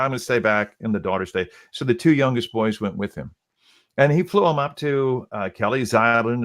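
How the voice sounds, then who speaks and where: A middle-aged man, a radio host casually retelling a story he covered, quoting people with many "he goes" and restarts. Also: lowish voice.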